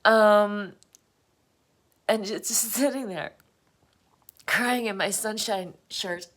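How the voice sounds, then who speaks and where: A woman's voice: mid-range voice, slow, a bit bright. A woman vlogging a rambling, emotional confessional monologue, laughing often as she talks. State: emotional, close to tears.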